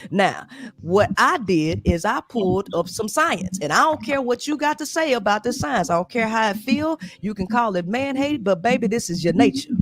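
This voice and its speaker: Blunt, combative high-pitched woman. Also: animated, normal speed. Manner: blunt, confrontational, repeats herself. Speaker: podcast guest. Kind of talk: heated debate.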